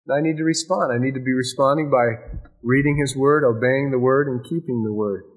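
A man preaching a sermon, emphatic, with repeated phrases and dramatic pauses. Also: medium pitch. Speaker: pastor.

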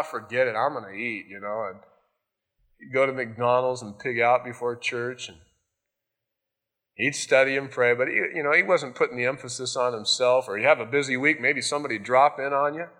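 A man's voice: medium pitch, normal speed, pushed and bright. A male pastor giving a sermon in a loose, conversational storytelling way, often adding "you know".

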